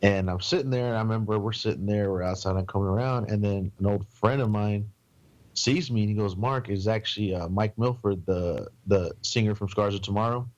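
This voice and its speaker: A man from San Antonio, Texas, with a lowish, fairly quick, slightly mellow voice, appears as a podcast guest; the audio has its highs cut off. He tells casual, rambling road stories packed with swearing and quoted voices.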